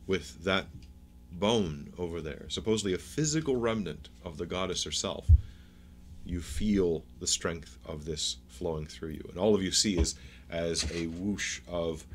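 Game master, male, very low voice, halting descriptive narration, faint hum behind.

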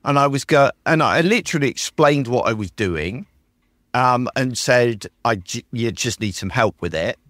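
An animated British podcast host chats casually and eagerly, performing the prompts he types to his tools. His voice sits mid-range at normal speed, in a dry recording with clean studio sound.

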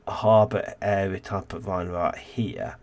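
A man's voice: deep voice, fairly even intonation, a little slow. A man casually commentating a city-building game as host, rambling and thinking aloud, tired and yawning. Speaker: let's play host.

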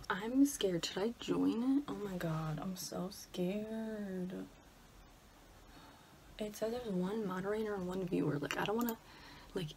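A woman's voice: medium pitch, vocal fry. A young woman with a Michigan accent, talking anxiously and often dropping to a whisper as she chats casually in her bedroom. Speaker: college student vlogger. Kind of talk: casual vlog chat. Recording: steady background noise, lawnmower outside.

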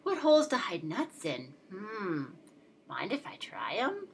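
A woman voicing a sly, nosy male squirrel in a storybook read-aloud, speaking in a hushed, scheming way. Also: mid-range voice, wildly swooping pitch, a little slow, a little hiss or hum.

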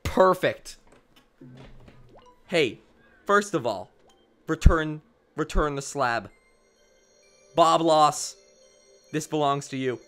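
Sarcastic male gaming streamer, mid-pitched, very animated swings, game music faint behind. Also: takes it slowly, long pauses. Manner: mocking, sarcastic, laughs a lot. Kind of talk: let's play commentary.

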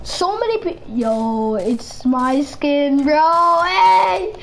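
Brief: high-pitched woman gamer, live play talk, quick to scold and vent. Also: lively intonation, vocal fry, a little hiss or hum, low-quality recording. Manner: heated, scolding a teammate. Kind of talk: live gameplay commentary.

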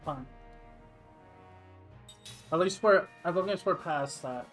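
A man's voice: fairly high pitch, takes it slowly, a bit bright, faint music behind. A man streaming a video game, muttering casual, rambling asides. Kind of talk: casual gameplay commentary.

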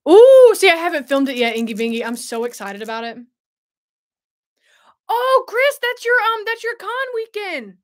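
A woman's voice: very high-pitched, sing-song, moderate pace. A young woman hosting a casual livestream, bubbly and chatty, laughing often and answering viewers. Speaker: host.

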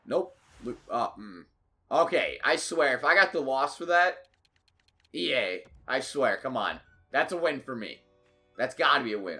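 A young man commentating his own hockey video game match, getting excitable and frustrated at the game. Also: mid-range voice, a little slow, faint music behind. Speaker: gaming YouTuber. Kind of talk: live gameplay commentary.

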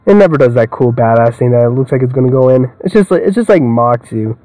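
A man's voice: medium pitch, expressive, fast talker, few pauses, warm tone, no room sound, rough recording. A young man giving rambling, joking let's-play commentary, swearing a lot and laughing often. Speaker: gamer.

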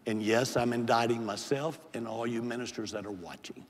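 Impassioned older preacher in a big church. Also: male voice, medium pitch, steady tone, a little fast. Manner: impassioned, pleading preacher who builds to hollering. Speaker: bishop, preaching pastor. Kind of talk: live Pentecostal sermon and altar call. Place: large church sanctuary with a balcony and altar. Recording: long hall reverb in a big church.

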